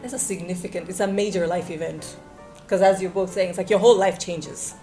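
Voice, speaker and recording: A woman in casual chat, calmly explaining as a practitioner and slipping into Swahili. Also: fairly low pitch, fairly quick, reverberant, faint music behind. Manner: calm and explanatory, mixes in Swahili. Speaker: guest practitioner.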